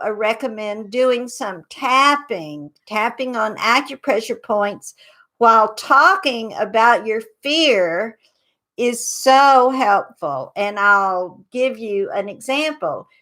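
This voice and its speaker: A woman hosting a psychic advice show, guiding listeners through a tapping meditation with slow, soothing instructions. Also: on the high side, a bit bright.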